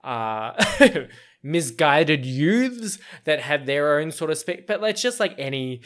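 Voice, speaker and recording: A man's voice: a little high, sing-song, slow, fairly bright tone. A young Australian man hosting a casual solo podcast. He rambles and meanders, with lots of fillers and little laughs. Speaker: podcast host.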